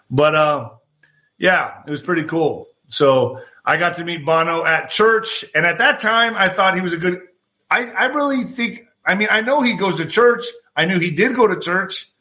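Animated, bright-voiced male podcast storyteller. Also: fairly high pitch. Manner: animated, swears freely, acts out quoted dialogue. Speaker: podcast host. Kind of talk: casual anecdotal storytelling.

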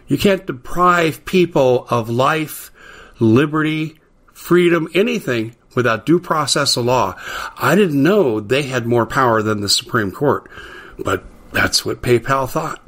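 A middle-aged man hosting a talk radio show, delivering an emphatic, indignant political monologue that climbs in pitch to stress key words. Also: unhurried, a bit bright.

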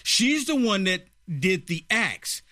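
A man's voice: high voice, big pitch swings, takes it slowly, sharp tone, no echo, clean studio sound. A man hosting a political talk show, who questions pointedly and sounds indignant.

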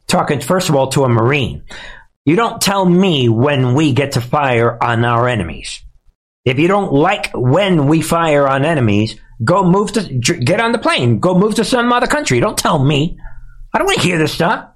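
A male political talk host with a somewhat high-pitched voice. He speaks emphatically and repeats himself for effect. His tone is indignant and combative as he addresses his audience directly. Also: expressive, normal speed. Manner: emphatic, repetitive, addresses audience as ladies and gentlemen. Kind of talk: political commentary livestream.

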